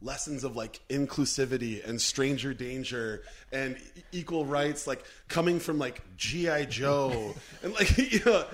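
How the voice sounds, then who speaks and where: A man in a relaxed podcast conversation, telling stories in loose, rambling bursts. He talks at a middling pitch and keeps filling the gaps with "like". He is animated and jokey. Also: measured pace, hardly any pauses. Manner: animated, rambling storyteller with many "like"s. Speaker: podcast co-host. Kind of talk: casual chat.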